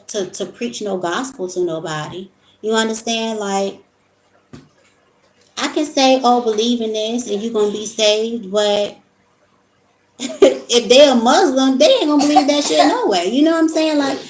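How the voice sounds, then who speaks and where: A medium-pitched woman's voice carries a little hiss or hum in an echoey room. She's a vlogger delivering a casual monologue on spiritual topics, rambling and telling stories.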